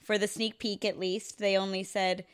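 A woman's voice: mid-range voice, little pitch movement, normal speed, clean tone. Chatty woman podcast co-host. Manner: chatty, many fillers and restarts, laughs often. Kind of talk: casual chat.

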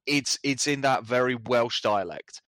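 A man co-hosting a casual chat, relaxed and halting, with many fillers and restarts. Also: mid-range voice, no room sound. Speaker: podcast co-host.

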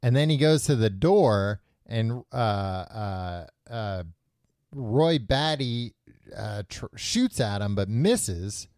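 A man's voice: fairly low pitch, lively intonation, slow, darkish tone, dry recording, clean studio sound. A man hosting a podcast, casually retelling a book's plot with loose, offhand quoted voices. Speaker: podcast host. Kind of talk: casual book discussion.

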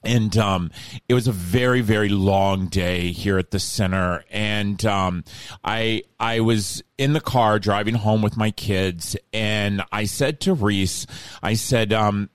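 Emotional man in his fifties, low voice. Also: takes it slowly, clear, resonant tone, dry recording, clean studio sound. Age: 50s. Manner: rambling, emotional, many restarts and fillers. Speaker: charity founder and host. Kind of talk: casual talk show chat.

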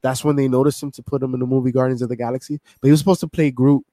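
A man co-hosting a casual podcast, relaxed and wry as he tells stories. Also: mid-range voice, rapid-fire, no room sound. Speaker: podcast co-host. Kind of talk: casual chat.

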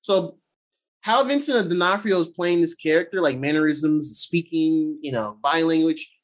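Here a man co-hosting a podcast runs through an episode in loose, foul-mouthed fashion. He darts between narration and snappy acted paraphrases of characters, his pitch swinging with excitable energy.

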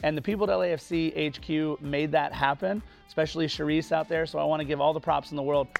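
A man's voice: fairly high pitch, fairly even intonation, quick pace, vocal fry, soft background music. A man co-hosting a soccer talk show, earnestly thanking people. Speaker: co-host. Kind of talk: casual sports chat.

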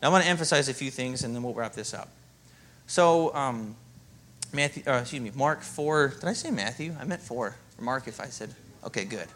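A man preaching a sermon as pastor, in a lively, conversational way and often asking "Amen?". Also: medium pitch, moderate pace.

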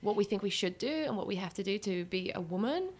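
A woman's voice: medium pitch, fast talker, a little mellow. A woman who runs workshops for women, explaining her ideas as a guest in an earnest, teaching way, with many fillers. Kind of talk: explanatory conversation.

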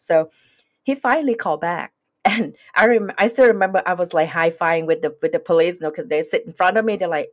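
A woman's voice: on the low side, quick pace. A woman with a non-native English accent telling a personal story earnestly in conversation, acting out the dialogue. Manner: earnest, acts out quoted dialogue. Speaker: guest.

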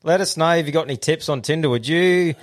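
A man's voice: a little high, quick pace. An Australian man co-hosting a podcast in casual chat. He laughs often and swears freely. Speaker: podcast co-host.

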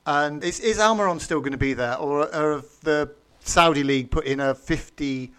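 A man on a football podcast panel, full of teasing banter and animated jabs at the host. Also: fairly high pitch, normal speed, clean tone. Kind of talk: casual football podcast chat.

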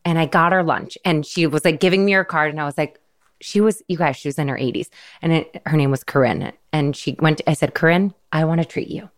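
Her voice is low and brisk as she, a podcast host in her thirties, recounts an emotional story. The delivery is casual and earnest, packed with quoted dialogue.

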